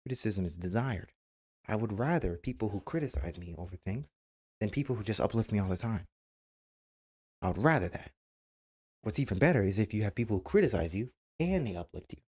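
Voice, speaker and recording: Deep, husky man giving blunt advice. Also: animated, fairly quick, a little mellow. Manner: emphatic, repeats himself, acts out quoted banter. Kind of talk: casual advice monologue. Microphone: webcam mic.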